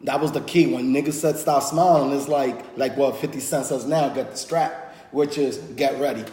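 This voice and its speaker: A man in his thirties, a podcast host, chatting casually and telling animated stories about his friends. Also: medium pitch, normal speed. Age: 30s. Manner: animated storytelling, acts out friends' voices. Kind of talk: casual chat. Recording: echoey room with long reverb.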